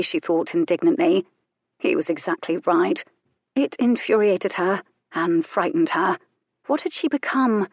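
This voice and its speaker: Woman reading an audiobook, low voice, intimate and measured, dry close mic. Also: a little mellow, no echo. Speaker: audiobook narrator. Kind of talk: scripted narration.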